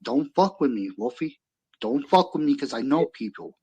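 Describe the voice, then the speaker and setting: A man's voice: medium pitch, expressive, normal speed, mellow, husky, dull audio. A man voicing a sulky, vengeful rival man who makes profane, sneering threats. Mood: menacing.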